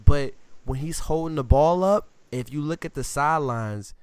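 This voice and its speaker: A man co-hosting a casual sports podcast, telling animated stories and acting out quotes in slang. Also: fairly high pitch, normal speed, clear, resonant tone, dry recording. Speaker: podcast co-host.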